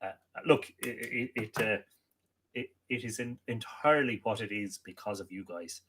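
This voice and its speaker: An Irish man hosting a live stream, reading out viewer comments and greeting each person by name, friendly, with halting restarts. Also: lowish voice, a bit bright, slightly rough. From Ireland. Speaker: livestream host.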